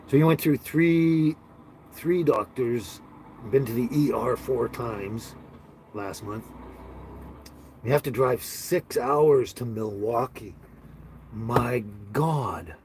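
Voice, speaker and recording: A man hosting a casual livestream on his phone, talking slowly to viewers with many fillers and halting restarts. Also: mid-range voice, darkish tone, a little hiss or hum. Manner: slow, halting, sympathetic talk with many fillers. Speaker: livestream host. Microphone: handheld phone.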